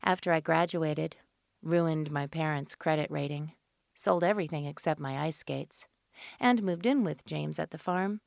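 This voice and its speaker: A woman audiobook narrator reading scripted fiction in a measured, even delivery into a studio microphone. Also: low voice, vocal fry, no echo.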